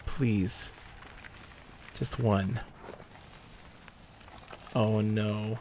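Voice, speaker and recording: Male streamer, low gravelly voice, muttered live gameplay commentary with item text read aloud. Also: fairly even intonation, slow, long pauses, a little hiss or hum.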